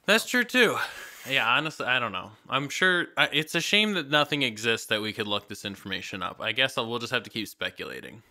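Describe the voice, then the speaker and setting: A man's voice: medium pitch, animated, a little fast, bright, forceful tone. A man co-hosting a casual podcast, rambling with lots of "like"s, casual swearing and sarcasm. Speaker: podcast co-host. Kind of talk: casual chat.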